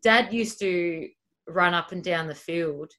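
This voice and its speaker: A woman with a fairly low voice telling family stories on a podcast. She is animated and playfully acts out what others said. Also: takes it slowly. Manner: animated storyteller, acts out quotes. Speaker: athlete guest. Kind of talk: casual podcast chat.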